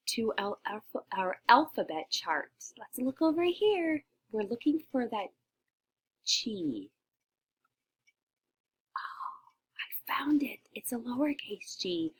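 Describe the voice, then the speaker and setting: A woman teaches young children to read, drawing out each beginning letter sound at a deliberately slow pace. Her voice is soft and breathy, often sinking to a whisper before she brightens with gasps of discovery. Her pitch rises and falls in a lively, singsong way. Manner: animated, encouraging, with gasps of discovery. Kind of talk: shared reading lesson for young children.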